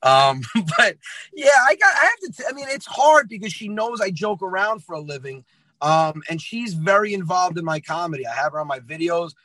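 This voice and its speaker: A man in his thirties, a comedian telling stories in a lively way and acting out dialogue. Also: sits high, moderate pace, dry recording, poor audio. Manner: lively, acts out dialogue, says "man" often. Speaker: comedian guest. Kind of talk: animated podcast storytelling.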